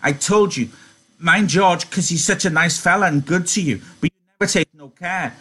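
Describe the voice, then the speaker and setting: A man's voice: sits high, normal speed, a bit bright, husky, pitched above the performer's own voice. A man reading aloud and voicing a scolding elderly aunt, imagined by a simple-minded man, who nags and reproaches. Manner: nagging, reproachful.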